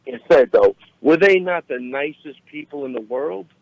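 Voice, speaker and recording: A man calling in as a guest, chatting in an excitable, gushing way over a phone line. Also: fairly high pitch, moderate pace, no echo. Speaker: guest, fight coach. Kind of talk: casual chat on a phone call.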